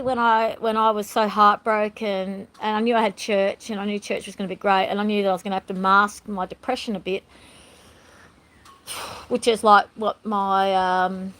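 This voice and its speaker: A woman's voice: medium pitch, low-quality recording. A woman talking candidly in a rambling, emotional personal vlog, filmed at home on a phone. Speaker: vlogger.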